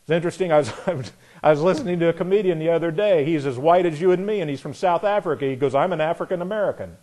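A man preaching a sermon in a folksy, sarcastic way, acting out imagined voices in quotes and getting louder on his punchlines. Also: on the high side, quick pace.

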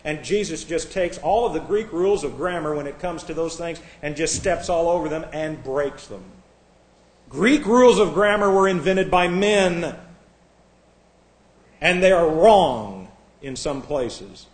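A man preaching a sermon, combative and sarcastic, dropping to hushed asides and rising to loud outbursts. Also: a little high, expressive, unhurried, reverberant.

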